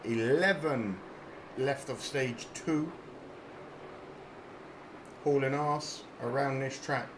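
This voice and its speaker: A man's voice: medium pitch, slow, long pauses, background noise. A British man casually commentating a car race live for his stream viewers, chatty and laid-back, swearing and laughing now and then. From England.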